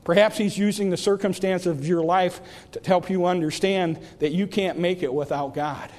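A man preaching a sermon as a pastor, swinging from impassioned shouting down to hushed, pleading repetition. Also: high-pitched, fairly even intonation, normal speed. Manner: rises to impassioned shouts, drops to hushed pleas. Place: church sanctuary. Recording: long reverb of a church hall.

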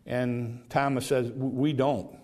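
A man's voice: mid-range voice, level tone, darkish tone. Earnest preacher man in a sermon. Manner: earnest, repeats words when building a point; slows and stresses key phrases.

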